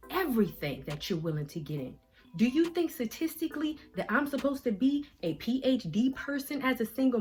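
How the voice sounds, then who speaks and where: A woman vlogger giving faith-based motivational talk, emphatic and preachy, in casual slangy phrasing. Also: on the high side. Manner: emphatic and preachy, swinging between soft and loud. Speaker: vlogger giving life advice.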